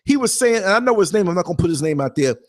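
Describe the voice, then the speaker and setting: A man tells a story in a loose, conversational style, with a fairly high voice for a man. He performs other people's lines and hammers his points home by repeating them. He comes across as a podcast host speaking freely. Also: racing. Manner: animated, acts out quotes, emphatic repeats. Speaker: podcast host and former bus driver. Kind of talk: casual storytelling.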